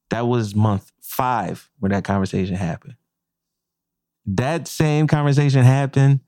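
A chef who co-hosts a podcast tells a profane workplace story in casual talk, animatedly acting out the quotes. His mid-range voice is recorded in studio quality with no room sound.

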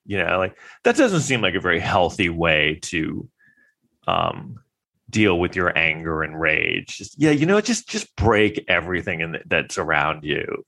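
A man's voice: low voice, huge pitch swings, unhurried, vocal fry, sharp tone. A man talking in a rambling, wry casual monologue, full of fillers and restarts.

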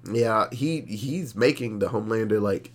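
A man co-hosting a podcast, recapping a horror movie in animated, profane, casual storytelling. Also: lowish voice, moderate pace. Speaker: podcast co-host. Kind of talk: casual movie review chat.

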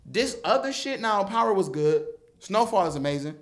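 A man in casual, profane chat among friends, animated and prone to loud mock voices. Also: high voice, moderate pace.

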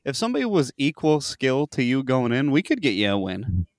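A man's voice: medium pitch, wildly swooping pitch, fairly quick, no echo, studio quality. A man hosting a podcast, chatting casually with crude, profane jokes and a lot of "dude".

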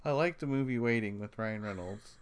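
A man's voice: lowish voice, a little fast, clean tone. Joking man, podcast co-host. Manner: joking, teasing, dry. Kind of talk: casual chat.

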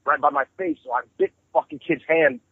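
Man with a husky voice on a tinny phone line. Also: on the high side, brisk, dry recording. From New York. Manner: profane, rambling, animated storyteller. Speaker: guest musician. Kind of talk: casual storytelling interview.

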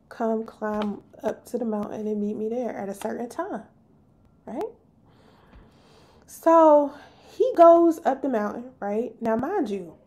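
A woman, hosting a podcast and telling a personal story in an animated, emphatic way. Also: on the high side. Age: 30s. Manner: animated, emphatic, slips into voicing others. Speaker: podcast host.

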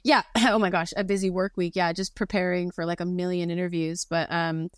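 A woman's voice: on the low side, level tone, fairly quick, clear, resonant tone, no echo, clean studio sound. A young adult woman co-hosting a podcast in casual chat, bubbly and talkative, with lots of fillers. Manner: bubbly, chatty, heavy use of "like". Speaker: podcast co-host.

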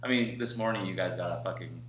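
A man's voice: low-pitched, quick pace, a bit bright. A man co-hosting a podcast, telling stories in casual, profane chat with rambling fillers. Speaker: podcast co-host. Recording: echoey room with faint hum.

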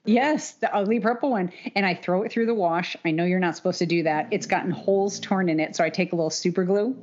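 A woman's voice: lowish voice, a little fast, a little mellow. Chatty woman podcaster, lo-fi sound. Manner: chatty, laughs often, puts on mock voices. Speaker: podcast co-host. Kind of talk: casual podcast chat. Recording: dull lo-fi audio.

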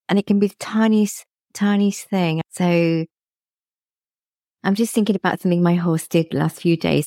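A middle-aged woman with a low, warm, gravelly voice chats reflectively as a guest in a casual conversation, laughing often. The sound is dry and close, with no echo.

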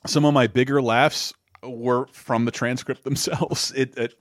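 A man talking movies with friends in a lively, excitable way, laughing often and tripping over his own words as he restarts sentences. His voice sits at an ordinary pitch and sounds close and dry, with no room echo at all. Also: a little slow. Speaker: podcast co-host. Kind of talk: casual movie discussion.

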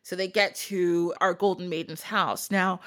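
A woman's voice: on the low side, steady tone, unhurried, a bit bright. A woman retells a folktale in a chatty, casual podcast manner. She peppers the story with jokey asides and laughs often.

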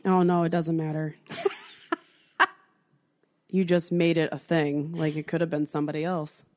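Animated woman telling a wild story. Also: sits low, normal speed. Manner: animated, swearing, acts out voices in her story. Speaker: podcast co-host. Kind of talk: casual storytelling chat.

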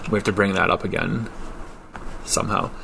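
A man narrating as game master of a tabletop role-playing game, relaxed and unhurried, with many fillers. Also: sits low, vocal fry, noisy background.

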